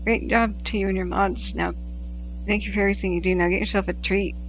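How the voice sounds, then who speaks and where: A woman's voice: medium pitch, little pitch movement, fast talker, muffled recording, slight background noise. A woman from the Pacific Northwest hosting a casual livestream, chatting, laughing often and reading viewer messages aloud. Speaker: livestream host tracking wildfires.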